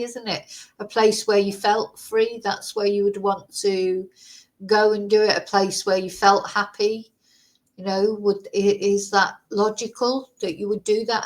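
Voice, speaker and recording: A woman's voice: mid-range voice, low-quality recording. A woman vlogger in casual chat, thinking aloud and musing through lots of rhetorical questions.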